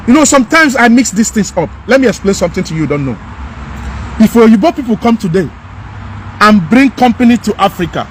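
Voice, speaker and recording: High-pitched man ranting. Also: big pitch swings, fast, a little hiss or hum. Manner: emphatic, repetitive, scolding. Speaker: commentator. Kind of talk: impassioned rant.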